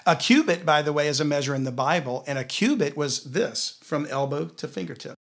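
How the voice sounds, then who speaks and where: A man with a Southern US accent teaching a conversational Bible lesson, telling stories and slowing down to read scripture aloud. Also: a little high. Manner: storytelling, slows down to read scripture.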